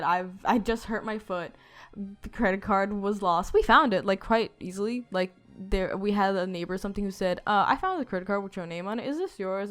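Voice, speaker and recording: Rambling woman telling a storytime vlog. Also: medium pitch. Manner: rambling, filler-heavy, swearing. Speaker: storytime youtuber.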